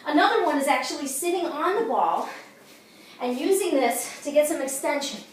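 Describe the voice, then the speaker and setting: A woman's voice: high-pitched, animated, normal speed, slight background noise. A woman fitness instructor at home demonstrating exercises, upbeat and coaching, out of breath. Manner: upbeat, coaching, says "okay?" and "you guys" often. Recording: echoey room from far off.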